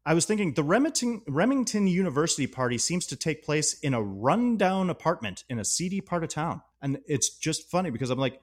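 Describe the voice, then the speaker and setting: A man's voice: on the high side, very animated, fairly quick, few pauses. A man co-hosting a podcast, talking casually and enthusiastically about a movie, laughing often. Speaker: podcast co-host. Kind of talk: casual film discussion.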